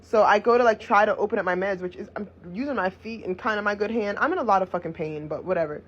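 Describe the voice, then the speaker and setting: A young woman vlogger telling a personal story in a blunt, profane, animated way. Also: mid-range voice, quick pace. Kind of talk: casual storytime vlog. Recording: dull lo-fi recording.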